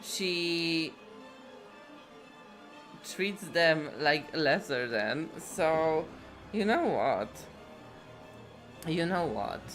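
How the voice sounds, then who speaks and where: A woman's voice: sits low, lively intonation, very slow, long pauses, a bit bright, faint music behind. A woman game streamer chatting casually, rambling and swearing freely. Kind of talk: casual chat.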